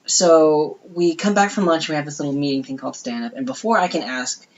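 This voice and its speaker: A woman's voice: low-pitched, a little fast, lo-fi sound, a little hiss or hum. A woman co-hosting a podcast, telling a personal story in casual chat, rambling and full of "you know" and "like", swearing freely. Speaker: podcast co-host.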